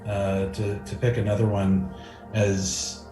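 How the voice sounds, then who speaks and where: A man's voice: lowish voice, monotone, slow. A man narrating as game master of a tabletop game, rambling with many fillers and restarts. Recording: echoey room with faint music.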